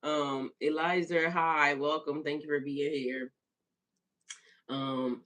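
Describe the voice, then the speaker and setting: A woman's voice: deep voice, steady tone, a bit bright. Woman spiritual coach on a live stream, leisurely pace, casual talk mixed with affirmations. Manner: casual, repeats affirmations slowly.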